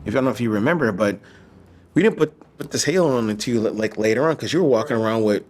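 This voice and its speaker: A man's voice: medium pitch, lively intonation, fast talker, darkish tone. A man from the Midwestern United States, a physician assistant, talking casually and earnestly with lots of fillers. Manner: loose, filler-heavy, earnest. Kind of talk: casual conversation.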